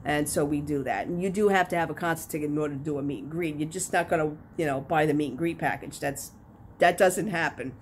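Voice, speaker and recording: A middle-aged crafting vlogger chats to the camera in a casual, rambling way, telling animated stories packed with fillers. Her voice is low and she talks fast, with a little hiss or hum in the recording.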